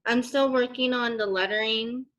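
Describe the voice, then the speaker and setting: A woman's voice: a little high, steady tone, moderate pace, a bit bright, poor audio. A woman student presenting her artwork in class, hesitant and full of fillers, over a video call. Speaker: art student.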